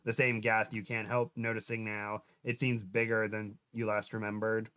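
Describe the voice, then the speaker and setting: A man's voice: on the low side, flat delivery, moderate pace, a bit bright, clear, resonant tone. A young man chatting casually with a co-host, laughing often, then reading a fan fiction story aloud. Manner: giggly, self-deprecating, laughs often.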